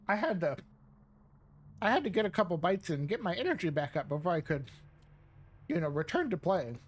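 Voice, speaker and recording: A young woman chats casually on a live game stream. Her voice swings widely in pitch as she rambles, laughing often and pausing to eat. She talks close to a desk microphone. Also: darkish tone. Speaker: VTuber streamer. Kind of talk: casual live-stream chat while gaming.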